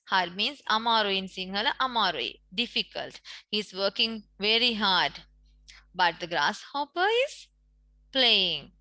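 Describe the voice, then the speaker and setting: A woman's voice: mid-range voice, bright, forceful tone, no echo. A woman English teacher with a Sri Lankan accent, reading a story to children in an online lesson and explaining each word with a Sinhala translation. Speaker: primary school English teacher.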